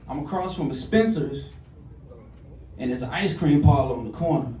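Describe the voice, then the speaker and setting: A male stand-up comedian telling a story on a club stage, animated, jumping to loud high bursts on the punchlines. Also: a little fast. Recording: echoey club, distant mic, audience noise.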